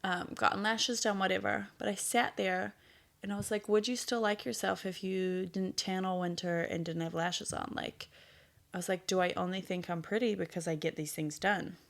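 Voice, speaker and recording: A woman's voice: medium pitch, fairly even intonation, moderate pace, vocal fry. A woman in her thirties hosting a casual solo podcast, chatty and blunt, swearing freely and laughing at herself. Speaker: podcast host.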